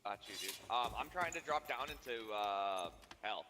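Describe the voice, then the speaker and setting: A man from western Canada, talking quietly and mumbly to a teammate over in-game voice chat. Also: lowish voice, expressive, normal speed. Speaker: random teammate. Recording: faint distant in-game voice chat.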